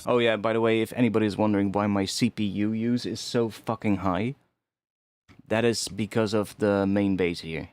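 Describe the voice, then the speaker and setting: A man's voice: on the low side, steady tone, moderate pace, darkish tone. A young man casually talking through his music production on a live stream, rambling and restarting his sentences as he thinks aloud, with some mild swearing.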